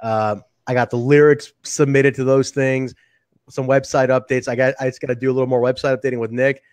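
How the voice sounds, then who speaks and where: A man's voice: medium pitch, level tone, quick pace, darkish tone, no room sound. A man chatting casually with his bandmates over a video call, rambling and full of fillers. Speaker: band member. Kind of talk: casual chat.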